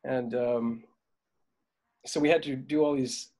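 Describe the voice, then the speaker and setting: A middle-aged man spins loose, rambling anecdotes in a relaxed interview. His voice sits at an ordinary pitch, and he often trails off with fillers and chuckles as he recalls the work. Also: takes it slowly. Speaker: veteran dolly grip, guest. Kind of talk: casual interview storytelling.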